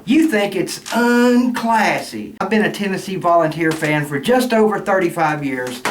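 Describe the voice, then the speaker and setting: A man's voice: high-pitched, animated, moderate pace. A middle-aged man, an angry sports fan venting in a profane rant. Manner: angry, cussing, loud outbursts. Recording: roomy echo, faint noise.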